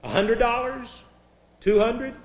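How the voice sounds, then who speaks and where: A man's voice: very high voice, lively intonation, slow, roomy sound, pitched above the performer's own voice, full character voice, poor audio. A man telling a story and voicing a persistent, formal male auctioneer who calls out bids to a crowd. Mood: coaxing. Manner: calling out bids, pressing the crowd.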